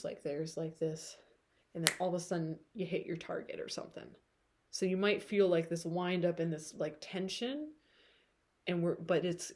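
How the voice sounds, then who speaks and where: A woman's voice: lowish voice, darkish tone. Chatty woman reading tarot, tired throat. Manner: chatty and rambling, often laughing. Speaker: tarot reader. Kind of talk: casual tarot reading to camera.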